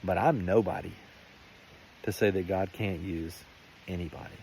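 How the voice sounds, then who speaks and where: A man's voice: low-pitched, fairly even intonation, normal speed, gravelly, warm tone, slight background noise. A man giving a rambling, earnest personal faith testimony in a vlog. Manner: earnest, rambling, many restarts. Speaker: faith vlogger.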